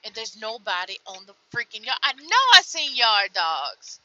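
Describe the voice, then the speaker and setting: Fed-up woman trucker venting, lively voice. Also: normal speed, dry recording, muffled recording. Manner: frustrated, weary, swings from low mutters to loud outbursts. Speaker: truck driver vlogger. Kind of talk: venting vlog from the truck cab. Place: inside a truck cab.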